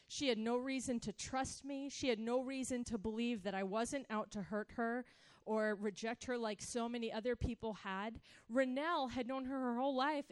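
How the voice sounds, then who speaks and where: A middle-aged woman telling a personal story in an animated way, acting out the voices she quotes. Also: fairly high pitch, clear, resonant tone, no room sound. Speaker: speaker sharing a personal story.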